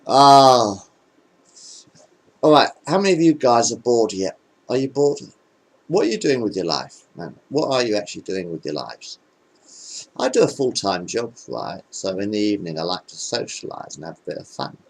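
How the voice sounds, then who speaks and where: A man casually telling jokes into a webcam in a rambling, hesitant, deadpan way. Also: on the low side, normal speed, gravelly, low-quality recording. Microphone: webcam microphone.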